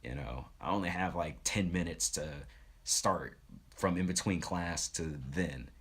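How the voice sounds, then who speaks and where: A young man streaming, telling a casual story in an animated way and slipping into funny voices when he quotes people. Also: low-pitched, a little slow, husky.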